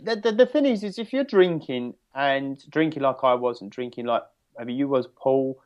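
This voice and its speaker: A man from England with an English accent, a podcast guest speaking candidly and reflectively with halting restarts over a remote call. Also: medium pitch, animated, darkish tone, dull audio. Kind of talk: podcast interview.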